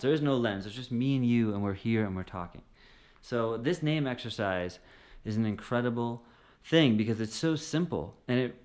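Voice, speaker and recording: A man teaching singing straight to the camera in a relaxed, encouraging way, now and then singing short phrases. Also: medium pitch. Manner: encouraging, conversational, often sings short phrases. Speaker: music teacher. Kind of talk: direct-to-camera singing lesson.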